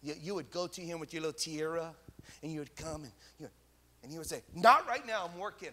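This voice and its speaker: A man preaching a sermon as pastor, animated and repeating phrases, in a church hall. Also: on the high side, fast talker.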